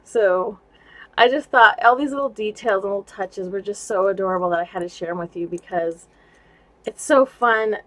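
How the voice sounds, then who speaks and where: A woman vlogging casually about craft gifts she received, gushing and excitable and laughing often, at home indoors. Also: medium pitch, moderate pace, low-quality recording. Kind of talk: casual show-and-tell vlog.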